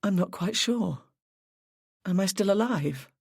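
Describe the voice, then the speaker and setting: An audiobook narrator voicing Angela, a woman police detective, who answers quietly and sounds tired after a close call. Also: medium pitch, animated, unhurried, creaky, slightly rough, no echo, pitched above the performer's own voice, heavily acted. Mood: shaken, tired.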